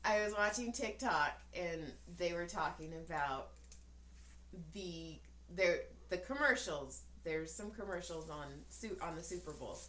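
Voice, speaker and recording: A woman in her thirties with a fairly low voice chats on a podcast, telling stories with lots of laughter and playful voiced quotes. The room echoes around her, with a faint hum of ambience behind. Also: measured pace. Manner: laughs often, animated storytelling with voiced quotes. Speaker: podcast co-host. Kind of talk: casual chat. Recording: roomy echo, faint ambience.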